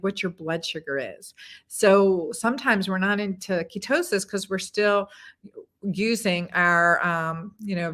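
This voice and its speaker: A woman's voice: mid-range voice, a bit bright. A woman doctor hosting a casual live stream, answering viewers' comments in a chatty way, with plenty of fillers and repeated words. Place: home in Texas.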